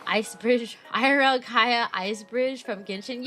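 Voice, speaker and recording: Bubbly bright-voiced woman. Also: on the high side, measured pace, few pauses, soft background music. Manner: bubbly, rambling, playful. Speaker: streamer. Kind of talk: casual stream chat.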